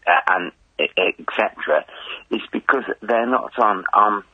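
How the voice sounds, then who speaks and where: A male caller on a radio phone-in talks in slow, measured, insistent phrases with halting pauses. His voice is low and husky and comes through a muffled, dry phone line. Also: no room sound. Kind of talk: phone-in call.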